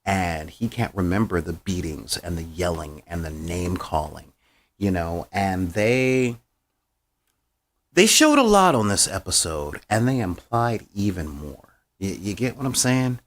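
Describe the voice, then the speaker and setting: A man's voice: sits low, lively intonation, a little slow. A man hosting a podcast, recapping an episode in casual, slangy and heartfelt chat. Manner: slangy, heartfelt, with frequent fillers. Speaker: podcast host.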